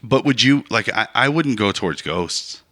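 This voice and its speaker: A man's voice: mid-range voice, animated, normal speed, fairly bright tone. A man co-hosting a podcast in casual chat, rambling as he reasons aloud and keeps checking with "right?". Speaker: podcast co-host.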